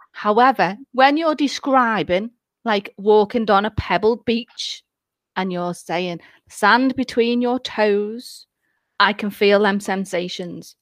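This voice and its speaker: Chatty middle-aged lady, a bit high, dry close mic, jokes around. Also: dry recording. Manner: lively, chatty, jokey with put-on quotes. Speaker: guest, celebrant and hypnotherapist. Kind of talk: casual chat.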